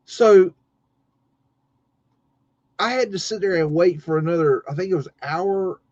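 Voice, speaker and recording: A middle-aged man tells a story on a live-stream podcast in a loose, profane, animated way, acting out the people he quotes. His voice is mellow and sits a little high for a man. The audio is dry and a bit muffled and lo-fi. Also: unhurried, no echo. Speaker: podcast co-host.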